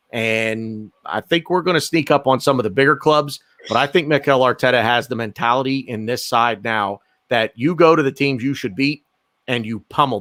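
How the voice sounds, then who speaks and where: A man's voice: mid-range voice, fairly bright tone, no room sound. A man hosting a casual fan podcast, reading out donations and passing the word to his panelists. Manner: reads out donations, hands over to panelists. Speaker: podcast host.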